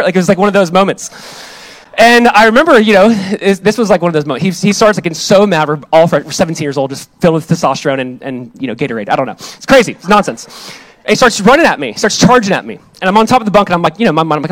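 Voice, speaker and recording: A young male pastor delivers a sermon, slipping into a lively personal story with quick asides and voiced quotes. His voice sits fairly high for a man. The sound is dry and close, with little room around it. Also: dry recording.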